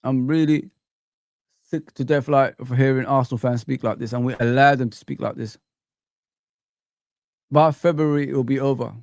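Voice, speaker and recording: A man hosting a live chat stream, ranting in an animated, exasperated way with repeated phrases. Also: medium pitch, moderate pace, pauses often, dry recording, studio quality.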